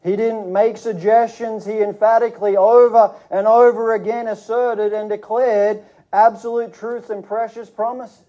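A man preaching a sermon to his church, speaking in an earnest, measured teaching manner with frequent restarts. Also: sits high, little pitch movement, warm tone, highs cut off.

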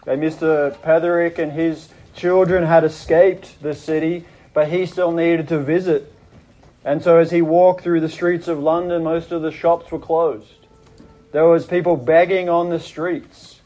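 Preaching at an unhurried pace, this pastor recounts a story with earnest drama, dropping his voice low and lifting it in quoted prayers. His tone is warm and level, but the audio quality is poor.

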